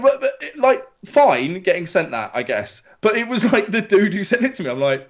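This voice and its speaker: A man from England telling stories in a casual podcast chat, sweary and animated. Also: high voice, normal speed, hardly any pauses. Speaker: podcast co-host. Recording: dull lo-fi audio.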